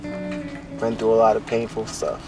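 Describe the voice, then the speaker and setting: A man in his twenties telling his hard life story, halting and repeating himself, his voice breaking with emotion. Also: lowish voice, huge pitch swings, over music. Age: 20s. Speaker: documentary subject. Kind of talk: emotional personal testimony.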